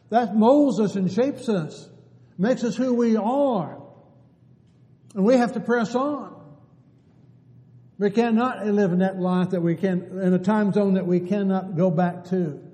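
A man's voice: high-pitched, mellow. A man preaching a sermon in an earnest, pleading way, asking many rhetorical questions. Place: church sanctuary. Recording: church hall with long reverb.

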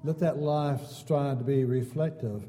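A man's voice: medium pitch, steady tone, a little slow, warm tone, a little hiss or hum. A man preaching a sermon in church, building his points in repeated phrases with folksy asides. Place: church sanctuary. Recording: long church hall reverb.

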